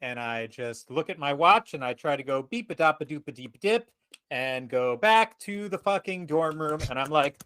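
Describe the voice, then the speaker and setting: A man playing a tabletop role-playing game, narrating his character's actions in first person, animated and profane. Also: a little high, moderate pace, few pauses, smooth, no echo. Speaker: player.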